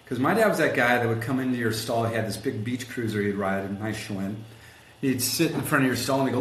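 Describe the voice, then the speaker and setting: A man telling a story in a casual interview, animated and acting out quotes, rough around the edges. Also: mid-range voice, a little fast. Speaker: guest, collision shop executive. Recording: echoey room with faint background noise.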